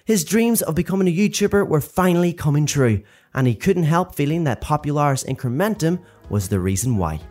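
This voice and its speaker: A storyteller reads a children's book aloud at a middle pitch. The delivery is expressive, leaning on words and slowing down for emphasis. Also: soft background music. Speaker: reader.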